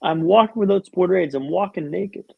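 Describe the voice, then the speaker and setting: Male interview guest, raised pitch, gravelly, dramatic storyteller with a humorous streak, dull lo-fi line. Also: moderate pace, no echo. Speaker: podcast guest.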